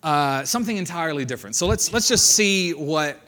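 Man preaching casually, slightly high pitch, chatty paraphrasing style. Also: lively intonation, a little fast, sharp tone. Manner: conversational, paraphrases scripture loosely with fillers. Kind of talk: sermon, casual Bible teaching.

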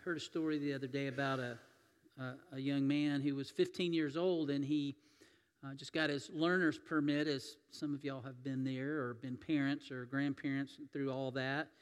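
A man's voice: medium pitch, steady tone, moderate pace, clean tone. A man preaching a sermon as pastor, telling folksy stories and acting out the voices in them. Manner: folksy storytelling, acts out quoted voices. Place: church sanctuary. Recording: long hall reverb.

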